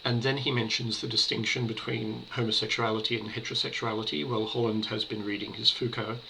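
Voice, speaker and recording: Gravelly bright-voiced man reviewing books. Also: medium pitch, little pitch movement, slight background noise, rough recording. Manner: measured, hesitant, with fillers and restarts. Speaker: book reviewer. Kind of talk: casual spoken book review.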